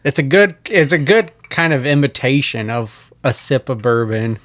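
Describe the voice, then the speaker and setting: A man's voice: medium pitch, expressive, moderate pace, a bit bright, no echo. A man co-hosting a podcast in casual chat, agreeable and chuckling often. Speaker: podcast co-host. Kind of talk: casual chat tasting a drink.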